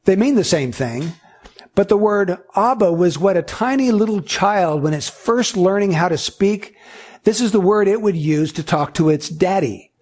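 A man's voice: high voice, lively intonation, moderate pace, darkish tone. A man preaching a sermon, earnest and emphatic, driving points home with repetition. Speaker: pastor.

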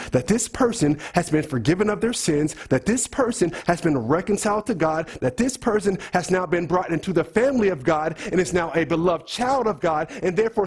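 Preacher, male, earnest sermon delivery with a husky, raised voice. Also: high voice. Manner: earnest, preaching to the congregation with questions.

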